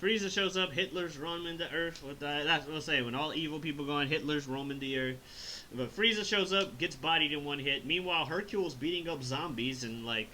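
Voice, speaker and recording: A man's voice: fairly high pitch, brisk, sharp tone, a little hiss or hum, poor audio. A man hosting a casual review chat, rambling, swearing and laughing as he recaps the story. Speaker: host reviewing an animated film.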